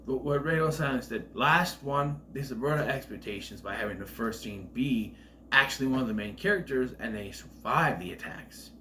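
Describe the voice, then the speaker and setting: A man giving a casual spoiler review of a film, retelling scenes in an animated, profane way. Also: mid-range voice, moderate pace, a little hiss or hum.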